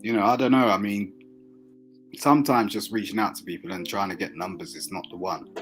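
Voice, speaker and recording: Male guest, low-pitched, loose and animated, faint music underneath. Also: a little fast, poor audio. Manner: laughs often, loose and animated. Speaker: guest caller. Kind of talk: casual chat.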